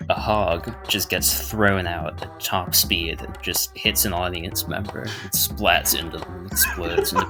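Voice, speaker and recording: A man narrating his move in a tabletop game in a steady, measured way. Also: low voice. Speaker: player.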